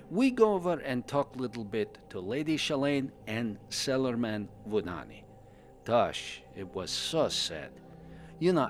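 A man voicing a cheerful male pandaren adventurer, a doting husband who tells his story in broken English with dropped articles. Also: medium pitch. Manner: broken English, drops articles and verb endings. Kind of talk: in-character fan podcast storytelling.

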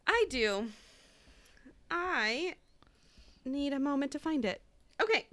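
Giggly, bright-voiced American woman co-host. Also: high voice, sing-song, takes it slowly, no room sound. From United States. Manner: self-deprecating, giggly. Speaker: podcast co-host. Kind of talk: casual chat.

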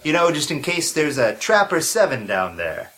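A man voicing a sarcastic, grumpy adventurer in a comedy audio drama, with a deadpan delivery. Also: on the high side, moderate pace.

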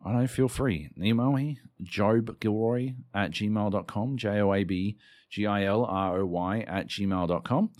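A man hosting a podcast and talking off the cuff about his story, rambling and halting, with casual swearing. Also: on the low side, darkish tone. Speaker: podcast host and author.

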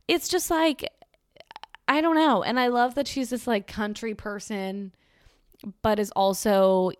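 A woman's voice: mid-range voice, smooth, dry recording. Young woman, casual monologue, gushing and chatty, lots of fillers, dry close recording.

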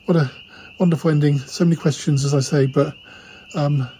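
A man's voice: a little high, fairly even intonation, a little fast, mellow, slight background noise, low-quality recording. A man hosting a comedy podcast, talking in a flustered, stammering way. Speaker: podcast host. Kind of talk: comedic improvised chat.

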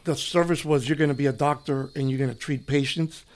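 A middle-aged man from Cuba, a retired police officer, telling his story in an interview in a relaxed, rambling way. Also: a little high, brisk. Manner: relaxed, rambling, often says "you know". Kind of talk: conversational storytelling.

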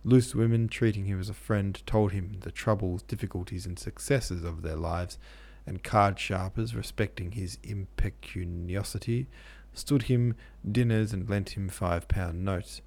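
A man narrating a classic novel in a steady, measured reading. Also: low-pitched, creaky. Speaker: podcast host and audiobook narrator.

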